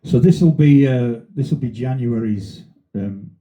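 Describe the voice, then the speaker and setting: A man's voice: mid-range voice, slow, muffled recording. Sweary Sheffield man hosting a podcast. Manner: rambling, sweary storyteller. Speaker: podcast host. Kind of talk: casual banter.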